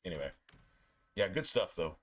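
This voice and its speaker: A man chatting casually while streaming a game, telling profane, animated stories about his pets. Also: deep voice, normal speed. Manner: animated, profane storytelling with playful put-on pet voices.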